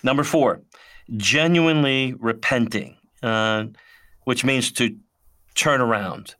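A man's voice: medium pitch, takes it slowly, bright, forceful tone. A man hosting an interview, steadily going through a list of points and asking his guest to explain each one. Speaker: host.

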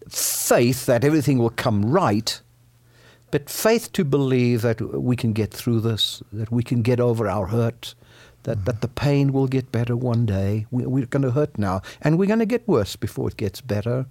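A man's voice: big pitch swings, measured pace, darkish tone, no room sound. A man speaking as a psychologist guest in an interview, explaining earnestly with his voice rising and falling widely. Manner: earnest, explanatory, voice swooping high and low. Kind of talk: radio interview.

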